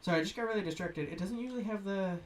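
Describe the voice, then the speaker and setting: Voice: medium pitch, rapid-fire, a little hiss or hum. A game streamer chatting casually on a live stream, rambling and restarting often and sounding a little stuffy from a cold. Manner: rambling and self-correcting, with frequent restarts and laughs. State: slightly stuffy, coming down with a cold. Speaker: streamer reviewing games.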